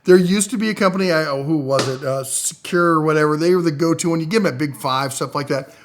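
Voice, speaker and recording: A middle-aged man with a fairly high voice runs through tool deals in a casual, rambling way. He is enthusiastic, his voice jumping up and getting louder on items he likes, then dropping low and quiet for asides. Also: fast talker. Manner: enthusiastic, rambling, with lively swings in loudness and pitch. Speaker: tool reviewer. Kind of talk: casual product rundown.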